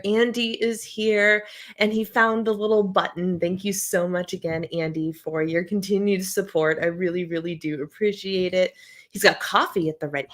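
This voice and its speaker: A woman in her thirties hosts a casual live chat from home, her throat a little scratchy. She chats along easily at a middling pitch, reading out viewer comments and answering them. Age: 30s. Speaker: host.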